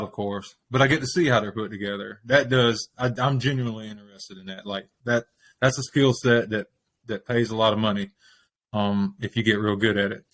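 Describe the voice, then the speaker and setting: A man's voice: medium pitch, a bit bright. A man appears as a podcast guest, answering questions in a thoughtful, casual way. His voice sits in a middle range, and he leans on easy fillers as he thinks. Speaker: podcast guest, small business owner.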